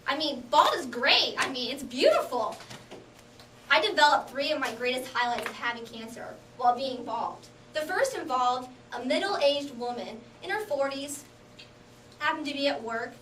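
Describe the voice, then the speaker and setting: Young woman doing a comedy speech, voice bouncing all over, far mic, noisy room. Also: sits high. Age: young adult. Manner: animated storytelling with bursts of laughter. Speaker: contest speaker. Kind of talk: humorous contest speech. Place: hall with audience. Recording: echoey hall from far off, noisy.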